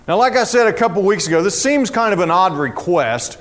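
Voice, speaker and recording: A man's voice: high-pitched, lively intonation, brisk, hardly any pauses. A man preaching a sermon in a folksy, storytelling way. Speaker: pastor.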